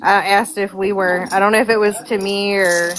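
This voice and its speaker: A woman joining a live stream chat, blunt and snarky, trading sharp remarks with the host. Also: mid-range voice, fairly even intonation, moderate pace.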